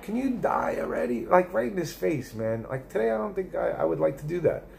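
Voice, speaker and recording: A man's voice: sits high, big pitch swings, brisk, creaky, a little mellow, a little hiss or hum. A middle-aged man live streaming, rambling and swearing in casual chat as he reads viewer comments aloud. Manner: rambling and profane, with many restarts.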